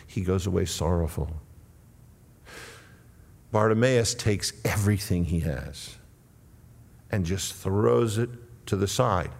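A man preaching a sermon and telling the story dramatically, moving between loud cries and hushed tones. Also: low-pitched, expressive, measured pace, vocal fry, long pauses. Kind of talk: expository sermon. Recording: long reverb of a large hall.

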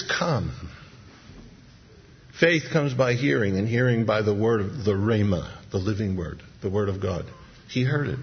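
A man's voice: on the high side, slightly rough, muffled recording. A man preaching a sermon, dramatically retelling a scene and acting out its people in voices.

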